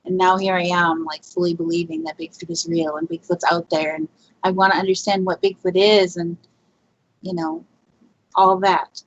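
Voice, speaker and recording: A woman's voice: lowish voice, flat delivery, normal speed, a little hiss or hum. A woman guest telling a Bigfoot research story in a rambling, chatty way, with fillers and laughs. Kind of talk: casual storytelling in a podcast interview. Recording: lo-fi muffled audio.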